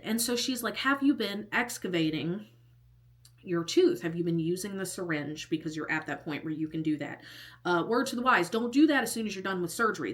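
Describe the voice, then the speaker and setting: A woman's voice: medium pitch, fairly bright tone. A woman in her thirties telling a casual storytime, chatty and exasperated, often restarting her sentences and acting out what others said. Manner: chatty and exasperated, many restarts and quoted dialogue. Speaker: vlogger.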